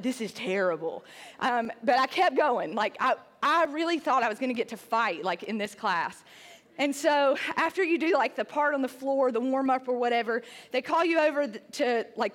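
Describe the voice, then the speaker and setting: A woman's voice: high voice, in a large hall. A woman telling a self-deprecating personal story to a live audience in a chatty way, full of "like" fillers. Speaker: speaker.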